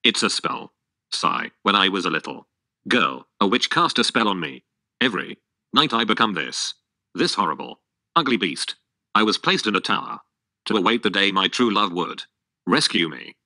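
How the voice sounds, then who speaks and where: A male text-to-speech voice reading the lines of a sad young princess under a spell in a flat, synthetic way. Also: on the low side, normal speed, no room sound, full character voice.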